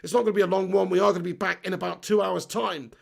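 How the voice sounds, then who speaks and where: A man hosts a live stream, reading out viewer comments and ranting with animated energy and frequent laughter. His voice is strongly gravelly and sits fairly high for a man. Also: fast. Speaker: host of a football fan channel.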